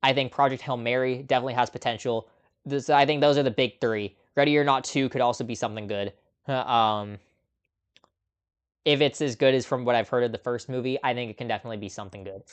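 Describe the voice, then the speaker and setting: Medium in pitch, this male host's voice is steady and smooth, moving at a quick pace. Running a casual live movie chat stream, he speaks off the cuff with lots of ums and frequent little laughs.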